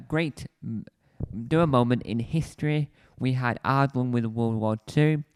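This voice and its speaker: A man's voice: mid-range voice, a little mellow, clean tone. A man hosting a casual solo review, rambling and correcting himself often, seated at a desk mic. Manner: rambling, self-correcting, chatty. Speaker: show reviewer, video host. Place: indoors, seated on a squeaky spinny chair. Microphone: desk mic close to the face.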